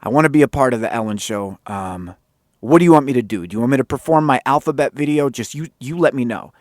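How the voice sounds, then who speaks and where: A man hosting his own podcast, telling a story in a casual, animated way and swearing freely. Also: mid-range voice, fast, no room sound, clean studio sound. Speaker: podcast host.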